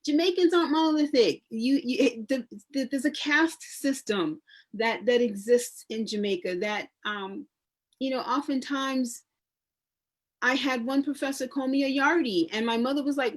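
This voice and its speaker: A woman, a public historian and genealogist speaking on a community panel, talking conversationally with frequent restarts and lively storytelling. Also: sits high, moderate pace. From New York. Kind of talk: panel discussion.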